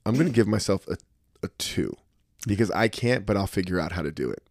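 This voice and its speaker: A man in his thirties tells stories at a quick clip, cursing freely and slipping into the voices of the people he quotes. His voice sits on the low side. The sound is dry and close to the mic. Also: animated, darkish tone, dry recording. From New Jersey, US. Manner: profane, storytelling, acts out quoted voices. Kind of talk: casual chat.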